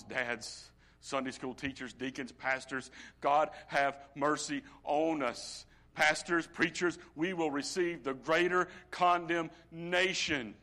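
A middle-aged man preaching a sermon as pastor, swinging from hushed, near-whispered lines to loud, ringing ones and stretching out key phrases slowly. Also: mid-range voice. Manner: slow, drawn-out emphasis on key phrases.

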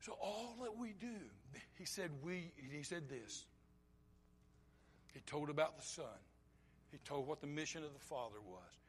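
A man with a notably high voice preaches a sermon. He moves between loud, emphatic lines and quiet, low asides, and slips into short acted-out bits of dialogue. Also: expressive, a little slow, slight background noise. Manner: acts out short quoted dialogue.

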